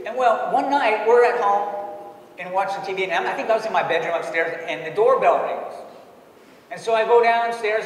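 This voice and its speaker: A man preaching a sermon in a church and telling a personal story, dropping his voice low for quoted lines and laughing often. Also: slight background noise. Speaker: pastor. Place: church sanctuary. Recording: echoey hall, distant mic.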